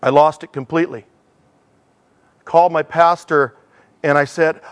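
A man's voice: fairly high pitch, a little slow, smooth. Conversational man preaching to a church. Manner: animated, acts out dialogue in changing voices; self-deprecating and conversational. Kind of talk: sermon with storytelling.

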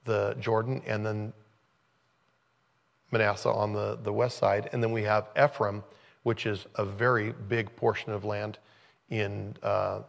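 A man preaching as a pastor, teaching through a scripture passage conversationally and growing animated when he retells the scenes. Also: fairly low pitch, a little slow, creaky. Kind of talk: expository sermon.

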